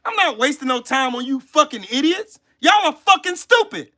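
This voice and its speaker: Heated, profane man with a high voice. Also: big pitch swings, moderate pace, bright, forceful tone. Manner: heated, profane, scolding the chat. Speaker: channel host. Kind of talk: livestream commentary rant.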